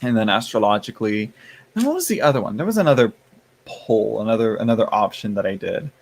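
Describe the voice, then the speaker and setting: A tired tarot streamer chats casually on a live stream, his voice fairly low, very animated, and fast. He rambles with many fillers and restarts, yawns now and then, and gets playfully sassy with his chat, calling them y'all and honey.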